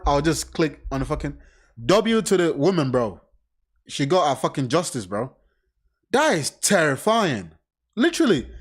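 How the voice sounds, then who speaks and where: A man with a somewhat high voice doing casual reaction commentary on a crime case. He reads passages aloud, then breaks off into blunt, profanity-laden remarks. His talk is loose, animated and unscripted. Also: breathy edge. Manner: blunt, swears often, animated side remarks.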